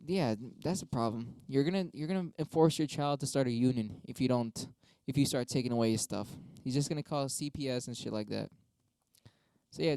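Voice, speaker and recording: A man's voice: medium pitch, mellow, no room sound. A young man talking casually on a stream, arguing both sides of debate prompts with himself in a rambling, profane way. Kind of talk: casual solo monologue.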